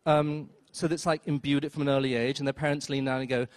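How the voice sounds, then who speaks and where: A man telling a story on stage at a live event, wry and self-mocking, with quick asides and acted-out quotes. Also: medium pitch, no room sound, studio quality. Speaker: storyteller, film critic. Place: theater stage before an audience.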